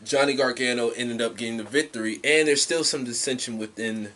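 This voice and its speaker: A man's voice: medium pitch, fairly quick, pushed and bright, far from the mic. A man co-hosting a podcast, bantering about wrestling with casual swearing and mimicked voices. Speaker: podcast co-host. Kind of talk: casual wrestling recap chat.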